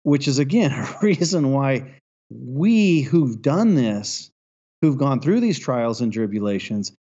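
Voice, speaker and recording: A man's voice: mid-range voice, mellow, breathy edge. A man hosting a casual chat, thoughtfully adding to a point. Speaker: podcast host. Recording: dull lo-fi audio.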